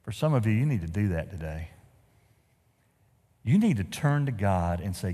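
A man's voice: lowish voice, moderate pace, long pauses, in a large hall. A man preaching a sermon as pastor, telling stories with humorous asides. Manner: animated storytelling with humorous asides. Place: church sanctuary.

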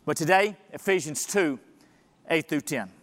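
A man's voice: on the high side, expressive, a little slow, a bit bright. A man preaching a sermon as pastor, reading scripture and pressing his point with emphatic rhetorical questions. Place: church sanctuary. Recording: long reverb of a church hall.

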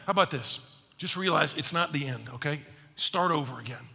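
Gravelly, husky pastor preaching in a hall. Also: male voice, fairly high pitch, fairly quick. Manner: animated, conversational preaching with playful asides. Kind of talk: sermon.

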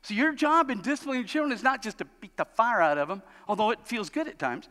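A man preaching a sermon as a pastor, animated and storytelling, acting out the people he describes. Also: fast, few pauses. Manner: animated, acts out quoted parents in high voices. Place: church sanctuary. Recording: long hall reverb.

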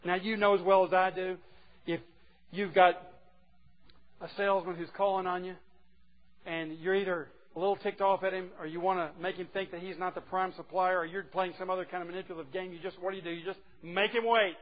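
A man preaching a sermon to a group of men, earnest and moving between hushed and emphatic delivery. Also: high voice, little pitch movement, a little fast. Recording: muffled lo-fi recording.

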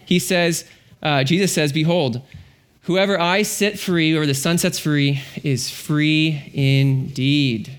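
A man's voice: on the high side, measured pace. A middle-aged male pastor preaching a sermon, telling the story animatedly and acting out the characters.

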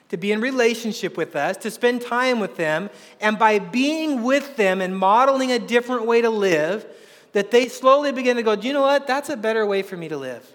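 A man's voice: sits high, a bit bright. A man preaching a sermon as pastor, telling stories with a joking, conversational manner. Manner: conversational storytelling with humor. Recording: long reverb of a large hall.

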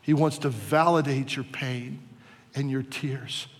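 A man from Virginia preaching a sermon as a pastor, telling a personal testimony that swings from hushed to impassioned. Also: medium pitch, steady tone, takes it slowly, in a large hall. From Virginia, USA.

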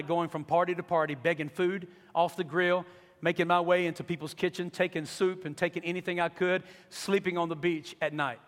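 A man from North Carolina, speaking as a guest in a large hall, gives an earnest, emotional church testimony. His voice is high-pitched with a fairly bright tone, and his storytelling builds to impassioned pleas.

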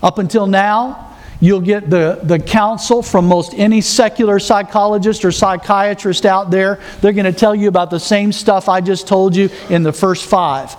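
A man preaching a sermon, walking the congregation through numbered points with earnest rhetorical questions. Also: high voice. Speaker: pastor.

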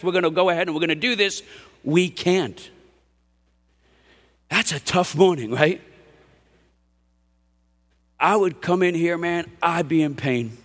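A pastor preaching a sermon in a conversational, emphatic way, often asking the congregation "right?". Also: male voice, sits high, sharp tone, big-room sound. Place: church hall.

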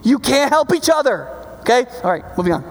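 A man's voice: very high-pitched, big pitch swings, brisk. A male pastor preaching a sermon, talking conversationally, checking in with his listeners, and building to passionate, emphatic peaks. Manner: builds to passionate, loud climaxes. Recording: long reverb of a large hall.

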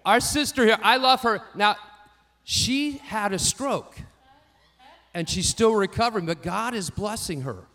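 High, bright-voiced male pastor preaching. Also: unhurried. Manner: storytelling, varies loudness widely, rising for emphasis. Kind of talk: sermon.

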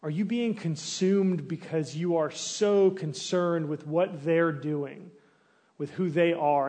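In an unhurried, slightly high voice, a pastor delivers a conversational sermon full of searching questions for the congregation. He restarts and uses fillers, and now and then acts out complaints with animation.

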